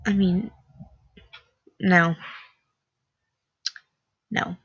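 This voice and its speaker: A teenage girl chats sarcastically through an online quiz, peppering every thought with "like". She talks in a slow, unhurried way. The recording is dull and lo-fi, close and dry with no room sound. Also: on the low side, little pitch movement, a bit bright, husky, no room sound. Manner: chatty, sarcastic, lots of "like". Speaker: vlogger taking an online quiz. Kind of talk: casual quiz reaction commentary.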